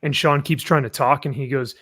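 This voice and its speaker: A man's voice: medium pitch, steady tone, brisk, a bit bright, no room sound. A man speaking as a panel guest in a casual discussion, earnest and sometimes searching for words.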